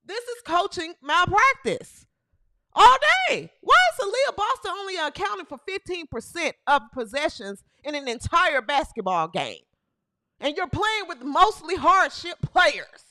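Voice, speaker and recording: A woman hosting a sports talk show delivers an emphatic rant, circling back to the same phrases again and again. Her voice sits very high and bright, with a lively, swooping pitch. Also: normal speed. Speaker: host.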